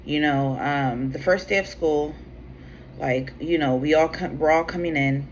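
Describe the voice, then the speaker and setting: This tarot channel host has a low voice and talks a little slowly, chatting casually through a rambling story. She swears freely and sprinkles in "like" and "you know what I'm saying." Her slightly dull recording has faint room ambience and slight background noise.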